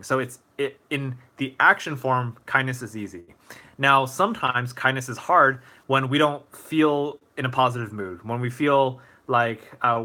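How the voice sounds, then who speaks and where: A young man talking casually to viewers in a live Q&A, answering questions with plenty of fillers and restarts. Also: medium pitch. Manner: relaxed, rambling, many fillers and restarts.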